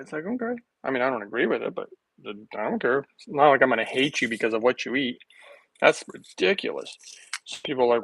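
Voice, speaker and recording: A man rambles to camera while he makes a smoothie in his kitchen, joking and laughing along the way. His pitch sits in the usual middle for a man. Clear noise runs under his voice the whole time. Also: expressive, quick pace, a bit bright, low-quality recording. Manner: playful, jokey, chatty, laughs often. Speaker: vlogger making a smoothie. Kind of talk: casual rambling monologue to camera.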